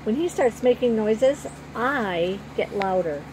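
A woman's voice: on the high side, expressive, slow pace, noisy background. Lady doing a tough little orphan girl, blunt, storybook. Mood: earnest. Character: scrappy orphan girl, guarded but loyal.

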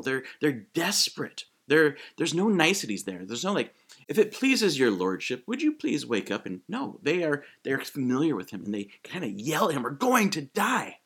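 Husky guy preaching, really lively up and down, chatty sermon vibe. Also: mid-range voice. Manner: animated, conversational preaching with quick acted-out quotes. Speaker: pastor.

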